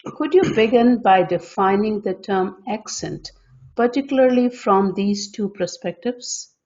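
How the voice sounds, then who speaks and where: A woman speaks slowly as she opens an interview and puts a question, pausing on fillers. Her mid-range voice comes through a dull, lo-fi recording. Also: medium pitch, a little mellow. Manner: slow, hesitant, with fillers. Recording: dull lo-fi audio.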